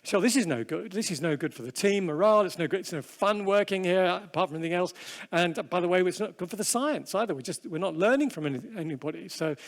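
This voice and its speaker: A man's voice: high-pitched, animated, fast, in a large hall. A man giving a humorous, self-deprecating seminar talk, telling stories with frequent restarts and fillers. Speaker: seminar speaker. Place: large hall with long reverb.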